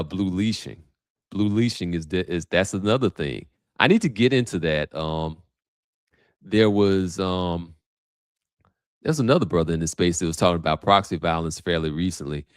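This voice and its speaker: A man's voice: sits low, clear, resonant tone, no echo, clean studio sound. A man hosting a livestream, talking casually and thinking aloud with many restarts. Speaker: host. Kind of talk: livestream commentary.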